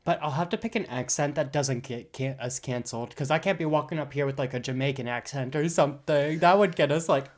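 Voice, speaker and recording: A podcast co-host chatting casually in an animated, gossipy, exclamatory way. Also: medium pitch, brisk, hardly any pauses. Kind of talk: casual chat.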